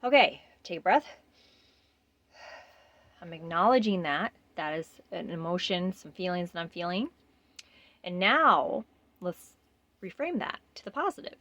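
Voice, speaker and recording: A woman gently leading a self-love mirror exercise, speaking earnestly with frequent pauses and fillers. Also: lowish voice, lively intonation, no room sound, dull audio. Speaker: self-care guide.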